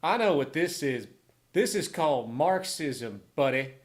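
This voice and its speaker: A man's voice: a little high, expressive, unhurried. An actor playing an angry male heckler who blusters and hurls accusations at a speaker. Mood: hostile.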